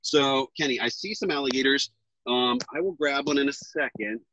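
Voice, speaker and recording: A man's voice: mid-range voice, normal speed, sharp tone, dull audio, slight background noise. A man reads a storybook aloud to children while standing in an alligator pond outdoors, chatting playfully between passages. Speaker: reptile sanctuary educator.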